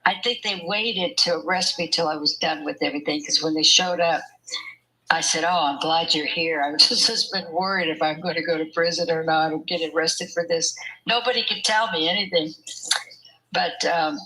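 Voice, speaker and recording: An older woman recounts her experiences to an interviewer in a chatty, storytelling way, often breaking into laughter. Her voice sits low but has a bright, forward tone. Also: moderate pace, rough recording. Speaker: interview guest. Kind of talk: conversational storytelling.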